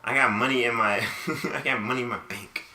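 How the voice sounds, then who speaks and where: A man's voice: medium pitch, fairly even intonation, brisk, sharp tone, echoey room, slight background noise. A man hosting a casual podcast, talking in a laid-back, slangy way and laughing often. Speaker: podcast host.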